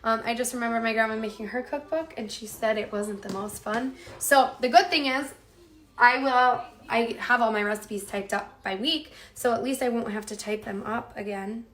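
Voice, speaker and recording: A woman's voice: a little high, moderate pace, a bit bright. A woman hosting a home cooking livestream, chatting casually and reading out viewer comments in an upbeat way. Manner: chatty, upbeat, addresses viewers as "you guys".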